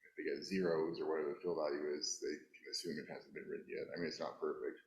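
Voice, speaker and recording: A man's voice: very deep voice, little pitch movement, fast, a little mellow, echoey room, lo-fi sound. A man on a conference panel explaining a technical workaround, hesitant, with many uhs and restarts.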